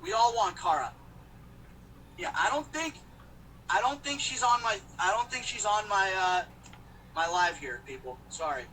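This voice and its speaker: A man talks loosely to his viewers from the driver's seat, joking and rambling, in a fairly high, bright voice. He sits a little back from the phone, and faint road noise runs underneath. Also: expressive, normal speed, long pauses, far from the mic, rough recording. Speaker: host of a live stream. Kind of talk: casual live-stream chat while driving. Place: in a car.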